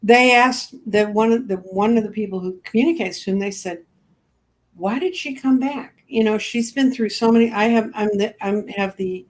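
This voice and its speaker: A woman's voice: mid-range voice, a little fast, few pauses. Chatty older woman telling stories. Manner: chatty, animated storyteller acting out quoted voices. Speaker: guest, crystal reader. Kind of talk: casual storytelling chat.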